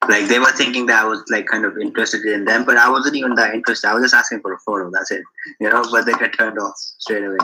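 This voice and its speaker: A man's voice: lowish voice, steady tone, quick pace, pushed and bright, slight background noise, rough recording. A man in casual chat, telling a short anecdote.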